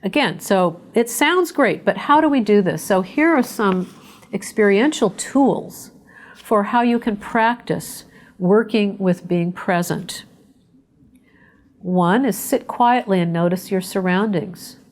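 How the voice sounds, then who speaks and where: A woman therapist speaks gently and conversationally as she leads a webinar. She guides listeners through a calm mindfulness exercise in a voice of ordinary pitch for a woman. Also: slow pace. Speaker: psychotherapist leading a survivorship webinar. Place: indoors, remote webinar.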